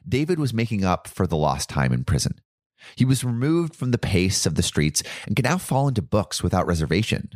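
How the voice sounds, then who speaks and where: A man narrating a documentary in a measured, deliberate way and putting questions to his guest. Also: fairly low pitch, dry recording, clean studio sound. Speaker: interviewer and narrator.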